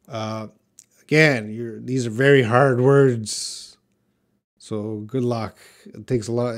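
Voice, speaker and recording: A man runs a live English class, speaking at a very slow, deliberate pace. He drills pronunciation by repeating single words several times. Between drills he answers viewers by name. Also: mid-range voice. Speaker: English teacher. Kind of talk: live online English lesson.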